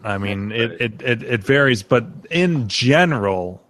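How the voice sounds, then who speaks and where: Host, male, bright forceful tone, dry close sound, loose joking call banter. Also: medium pitch, animated, unhurried, no room sound. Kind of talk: casual chat over a video call. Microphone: video call.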